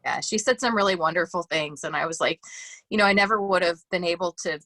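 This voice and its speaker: A woman's voice: fairly low pitch, fast talker, bright, forceful tone, no room sound. A woman in a group sharing, speaking earnestly and from the heart about a personal experience. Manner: earnest and heartfelt, close to tears. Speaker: group participant.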